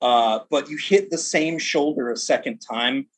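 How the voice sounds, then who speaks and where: A man narrating a tabletop role-playing game as game master, in an animated, casual way. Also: medium pitch, unhurried, rough recording.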